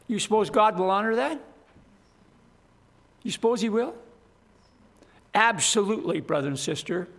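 A man's voice: sits high, expressive, moderate pace, gravelly, pauses often, fairly bright tone. A man preaching a sermon, earnest and emphatic, building to fervent appeals to his congregation.

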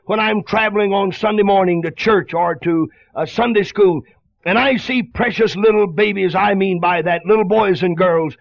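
A man's voice: sits high, no echo. A man preaching an impassioned, pleading sermon, on a dull lo-fi radio broadcast.

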